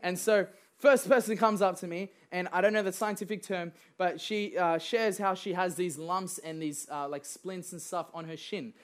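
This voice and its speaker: A young man delivers a sermon as if chatting with friends. His storytelling is loose and conversational, full of fillers and quick laughs. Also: high-pitched, steady tone, smooth. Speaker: preacher.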